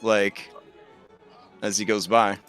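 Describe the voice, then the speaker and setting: A man's voice: fairly low pitch, flat delivery, slow pace, fairly bright tone, smooth, soft background music. A man narrating as game master of a tabletop game, chatty with many fillers.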